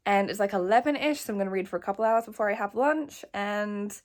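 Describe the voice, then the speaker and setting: A woman's voice: mid-range voice, fast. Casting note: young woman, late teens, gushy emotional vlogger, laughs a lot. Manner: emotional, gushing, laughs often. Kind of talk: casual reading vlog chat. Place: at home.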